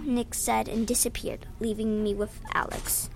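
A woman reading her own adventure story aloud, lively, raising her voice for the shouted lines, with small slips and restarts. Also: a little high, unhurried, gravelly, hardly any pauses.

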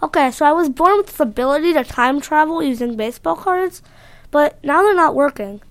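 A nervous, excitable boy who travels through time, his voice high and lively in a storybook reading, as a woman puts him on. He talks in quick, breathless bursts when things go wrong. The sound is dry and close. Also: no room sound. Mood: worried.

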